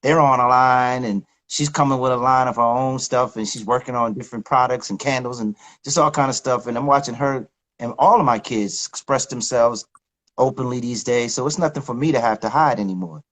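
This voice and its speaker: Middle-aged male guest, mid-pitched voice, candid, slangy, reflective. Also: fairly even intonation, a little fast, a bit bright, rough recording. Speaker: guest, recording artist. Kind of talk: casual interview talk.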